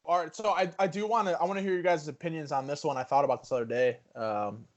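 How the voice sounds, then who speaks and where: A man co-hosting a podcast, thinking things through out loud in casual chat with many restarts. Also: a little high, quick pace. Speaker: podcast co-host. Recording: dull lo-fi podcast audio.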